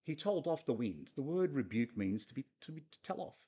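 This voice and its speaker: A man's voice: mid-range voice, big pitch swings, brisk, mellow, husky. Guy giving a chatty sermon, earnest, keeps asking the crowd stuff. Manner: earnest, talks straight to listeners with questions. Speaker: preacher. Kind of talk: conversational sermon on a Bible passage.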